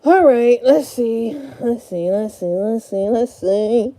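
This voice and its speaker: A woman in her thirties on a livestream, rambling and swearing as she frets over a cluttered room. Her voice is a touch high but mellow and warm, and her speech drags along slowly. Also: animated. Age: 30s. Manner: profane, frazzled and rambling; talks to herself while sorting a room. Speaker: live streamer. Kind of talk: casual livestream chat.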